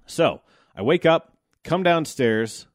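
This American man in his thirties hosts a podcast, musing about his day in a loose, wry, profane monologue. His voice is a little high and animated, and he takes his time. The sound is studio quality with no room echo.

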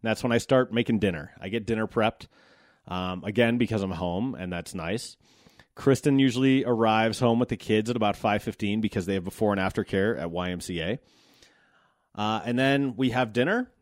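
A man's voice: fairly low pitch, normal speed, dry recording, clean studio sound. A man in his thirties from the United States, a podcast host talking casually about his day in a loose, wry, profane way. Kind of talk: casual monologue.

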